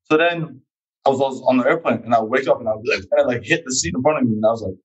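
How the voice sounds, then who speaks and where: A young man with a London accent chatting casually, relaxed and laughing easily, often acting out little quoted lines. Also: mid-range voice, rapid-fire, slightly rough, muffled recording. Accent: London English. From England. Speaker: fencer, guest. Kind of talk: casual chat.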